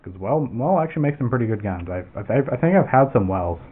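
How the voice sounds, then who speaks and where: A man's voice: mid-range voice, lively intonation, a little fast, husky. A man casually demoing airsoft gear, rambling and swearing with lots of restarts. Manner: rambling and profane, with frequent restarts. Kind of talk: casual product demo. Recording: tinny phone-like audio with faint noise.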